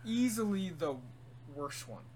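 Sarcastic podcast co-host, man, slightly high and very lively pitch, faint ambience. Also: unhurried, a little hiss or hum. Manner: sarcastic, lively with squealed mock quotes. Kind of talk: casual chat.

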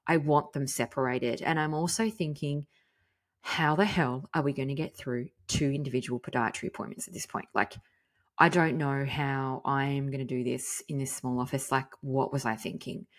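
Brief: mother, frank storyteller, low, deep voice, mild swearing. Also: normal speed. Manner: chatty, frank, animated, swears mildly. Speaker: podcast host. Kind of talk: casual storytelling monologue.

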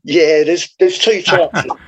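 A man's voice: on the high side, slow. Rambling man, dull lo-fi audio. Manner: rambling, many restarts and laughs. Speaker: comedian guest. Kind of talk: casual interview chat.

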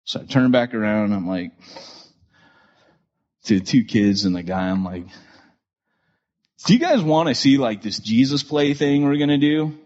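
A male podcast host telling a story in an animated way, with many fillers and restarts. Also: medium pitch, moderate pace, pauses often, lo-fi sound.

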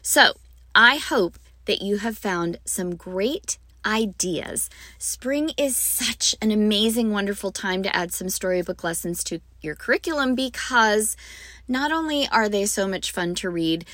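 A woman's voice: medium pitch, animated, unhurried, sharp tone, no room sound. A woman hosting a podcast for music teachers, talking in a bubbly, gushing way with frequent ums. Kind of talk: enthusiastic teaching talk.

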